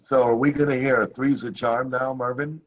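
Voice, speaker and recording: A man's voice: mid-range voice, steady tone, moderate pace, highs cut off. A man from Pittsburgh hosting a poetry session, chatting in an easygoing, rambling way. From Pittsburgh, United States. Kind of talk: casual chat. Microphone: video call.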